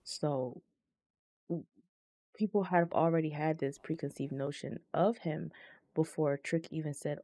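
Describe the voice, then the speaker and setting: A woman's voice: low-pitched, steady tone, a little slow, long pauses, mellow, no room sound, clean studio sound. A woman co-hosting a wrestling podcast, talking bluntly in casual chat and swearing freely. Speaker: podcast co-host.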